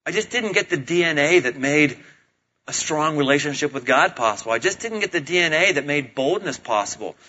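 A man preaching a sermon in a casual, humorous, animated way, on a dull lo-fi recording. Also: a little high, fairly quick. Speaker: pastor.

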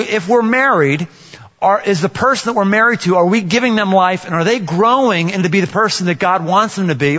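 A man preaching a sermon as a pastor, animated and joking, acting out little scenes and voices. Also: mid-range voice. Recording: dull sound with long hall reverb.

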